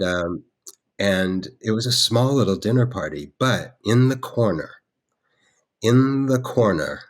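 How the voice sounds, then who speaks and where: A man's voice: low-pitched, fairly bright tone. A man, a guest artist, telling a story in conversation, rambling with many restarts and fillers.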